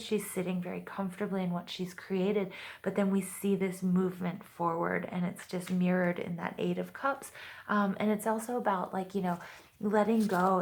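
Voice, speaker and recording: A woman talks viewers through a tarot reading in a relaxed, encouraging way, scattering "you know" and "like" through her sentences. Her pitch stays fairly level and middle-of-the-range. A faint hiss sits under the recording. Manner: chatty, upbeat, many fillers like "you know" and "like"; reassuring, addresses viewers directly. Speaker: tarot reader. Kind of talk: casual spoken tarot reading.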